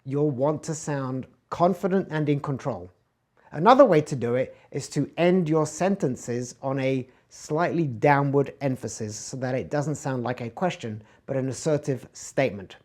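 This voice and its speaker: Expressive man coaching on voice. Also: normal speed. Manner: demonstrates tone shifts, swinging between loud bright emphasis and soft low murmurs. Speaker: communication coach. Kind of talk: instructional talk from an online course.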